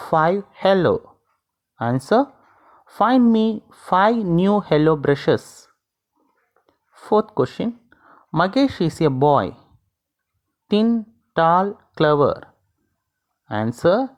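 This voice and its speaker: A teacher with an Indian English accent reading out textbook exercises and their answers one by one, in a deliberate dictating manner. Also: medium pitch.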